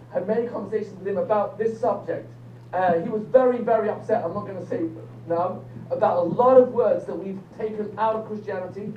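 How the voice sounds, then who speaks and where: Older man lecturing, far off and echoey. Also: high-pitched. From England. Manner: lively, quizzes the audience, jokes. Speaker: rabbi lecturer. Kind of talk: lecture to a live audience. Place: lecture room with an audience. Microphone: phone recording from the audience. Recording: distant, echoey, dull phone recording with faint hum.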